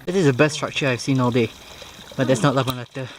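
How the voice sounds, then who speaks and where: A man talks to his handheld camera as he climbs an outdoor trail, out of breath between plain, matter-of-fact remarks. His voice sits at an ordinary middle pitch, with a faint hiss of outdoor ambience behind him. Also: fairly even intonation, fast talker. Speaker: vlogger. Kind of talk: hiking vlog narration.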